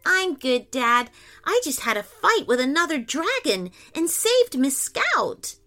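A woman voicing an excitable little girl who dreams of being a superhero, speaking high, eager and dramatic. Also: unhurried, soft background music, heavily acted. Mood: excited.

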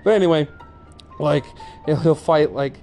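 A man's voice: on the high side, moderate pace, a little mellow, soft background music. A man hosting his own review vlog, talking casually in a rambling way, swearing freely and filling his talk with "like" and restarts. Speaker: anime reviewer, channel host.

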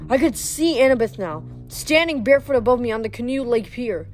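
Woman reading a novel aloud, fairly high voice, small slips, faint music behind. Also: animated, normal speed. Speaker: reader.

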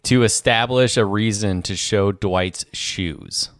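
A man's voice: lowish voice, takes it slowly, a bit bright, no room sound, studio quality. A man co-hosting a podcast in casual chat, explaining details in a matter-of-fact way. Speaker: podcast co-host.

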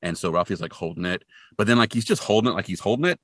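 A man co-hosts a casual podcast, retelling a film scene with lively swings of pitch. His voice sits low but sounds bright and forward, in a dry, close recording. He jumps into the characters' lines as he goes. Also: racing, no echo. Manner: animated, acts out characters' lines in a raised voice. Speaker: podcast co-host. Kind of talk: casual chat recapping a film.

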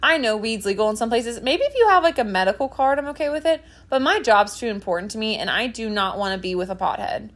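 Woman, 20s, podcast co-host; higher voice, very expressive pitch, giggly and animated. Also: fast talker, hardly any pauses. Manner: giggly, animated storytelling with lots of fillers. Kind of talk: casual chat.

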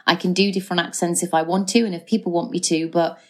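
Chatty Geordie woman, lowish voice. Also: steady tone, fast talker. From North East England. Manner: chatty, frequent fillers and restarts. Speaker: actress guest. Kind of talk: casual chat.

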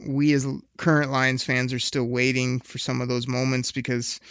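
Laid-back podcast host guy, smooth gravelly voice, pretty monotone. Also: medium pitch, normal speed, dry recording, clean studio sound. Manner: laid-back, asks long rambling questions. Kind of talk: casual podcast interviewing.

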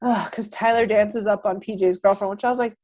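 Brief: woman podcast host, lively storyteller, acts out the dialogue. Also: mid-range voice, fairly quick, a crowd in the background. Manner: animated storytelling, acts out characters' lines. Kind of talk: casual movie recap chat.

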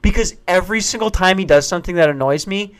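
A man's voice: high-pitched, fast, clean tone. A man in his twenties delivers a loose, comedic monologue. He rambles, swears freely, and often trips over his own sentences before pushing on. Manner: rambling and profane, with frequent restarts.

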